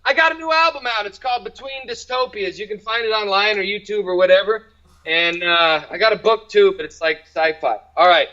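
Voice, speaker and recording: A man's voice: high voice, brisk, pushed and bright, highs cut off. A man doing an open-mic stand-up set who keeps checking how the audience reacts to his jokes. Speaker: stand-up comedian.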